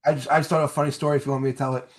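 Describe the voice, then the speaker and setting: A man's voice: mid-range voice, very fast. Man from New Jersey, interview guest, chatty storyteller who repeats himself. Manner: rambling, repeats words, animated when telling stories. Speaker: guest, former pro wrestler.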